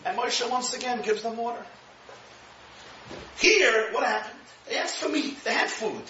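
Bright-voiced rabbi in an echoey room. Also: male voice, very high-pitched, a little slow, slight background noise. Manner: animated, acts out quotes, chuckles at own jokes. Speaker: rabbi teaching Torah. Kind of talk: lively Torah lecture. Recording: echoey room, distant mic, dull sound.

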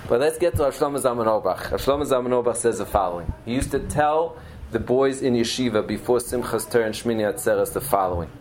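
A man's voice: medium pitch, animated, fast, darkish tone, slight background noise, poor audio. A middle-aged man giving a Torah lecture as a teacher, telling stories earnestly and mixing Hebrew and Yiddish terms into his English.

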